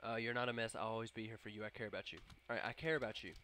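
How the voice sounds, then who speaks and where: A young man doing let's play commentary, with excitable, jokey and profane reactions. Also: fairly low pitch, rapid-fire, slight background noise. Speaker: gameplay commentator.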